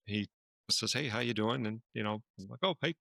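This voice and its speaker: Male podcast co-host, low and gravelly, storyteller, dry close mic. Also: normal speed, no room sound. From Washington, D.C. area. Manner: storytelling, animated when quoting others. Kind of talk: casual conversational podcast.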